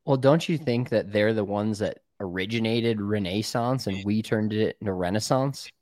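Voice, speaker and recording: A man's voice: on the low side, normal speed, darkish tone, no room sound, clean studio sound. A man co-hosting a golf podcast, talking in rambling casual chat with frequent hesitations. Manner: rambling, hesitant, lots of ums.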